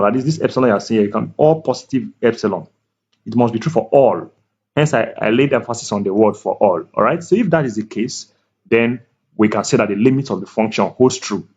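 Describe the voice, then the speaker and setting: A man tutoring math at a board, speaking slowly and deliberately, repeating key words and checking that the viewer is following. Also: on the low side, darkish tone, husky. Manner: slow, deliberate, repeats key words, asks "can you see that?". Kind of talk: whiteboard math lecture. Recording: dull lo-fi recording.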